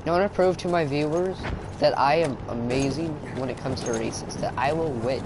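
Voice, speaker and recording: A man's voice: fairly high pitch, normal speed, very noisy. Joking young man narrating gameplay. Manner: joking, rambling, self-mocking. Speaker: gaming YouTuber. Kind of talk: casual gameplay commentary. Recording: loud game sounds behind voice.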